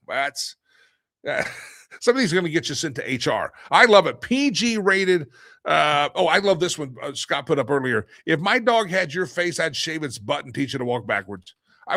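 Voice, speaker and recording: A man's voice: fairly high pitch, sing-song, brisk, creaky, fairly bright tone, no room sound. A middle-aged man hosting a daily live stream in a casual monologue, rambling, repeating himself and restarting sentences, with the odd chuckle. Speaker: show host.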